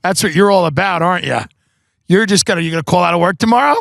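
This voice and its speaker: A man's voice: high voice, quick pace, creaky, a bit bright, dry recording, studio quality, exaggerated voice. A man putting on the voice of a cheeky teenage boy who teases his parents in a mock-serious way. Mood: teasing. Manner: mock-serious, teasing, needling.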